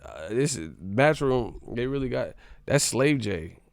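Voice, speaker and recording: A young male stream host for boxing, with a gravelly voice and a dry, close sound, rambling and profane. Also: medium pitch, animated, measured pace, no echo. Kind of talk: live-stream commentary.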